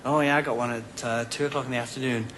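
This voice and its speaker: A man with a medium-pitched, slightly bright voice and fairly level intonation tells silly comic anecdotes as a chat show guest, his delivery quick and playful. It's a 1990 TV broadcast from a studio, with a faint hiss or hum and a live audience laughing throughout.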